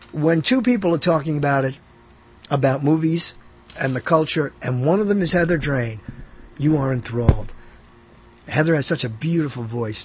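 A man's voice: medium pitch, a little hiss or hum. A man hosting a radio show, rambling casually about movies, often trailing off with uh and short laughs. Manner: rambling, self-interrupting, lots of uh and laughs.

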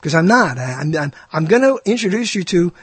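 An older man from New York with a New York accent, hosting a radio talk show in a rambling, self-mocking, theatrical monologue with a husky voice. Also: sits high, big pitch swings, brisk, no echo. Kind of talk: casual monologue.

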